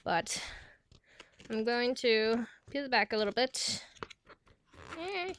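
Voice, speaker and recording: An American woman, likely a young adult, vlogging a crafting tutorial in a chatty, self-deprecating way, sliding into a half-British lilt while explaining and going soft and quiet during careful steps. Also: on the high side, lively intonation, slow pace. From United States.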